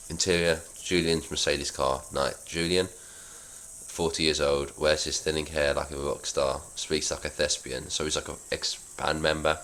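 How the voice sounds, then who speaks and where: Young man, very low voice, self-mocking script read-through, halting. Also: little pitch movement, a bit bright. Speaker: channel host reading his old script. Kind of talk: reading aloud with asides.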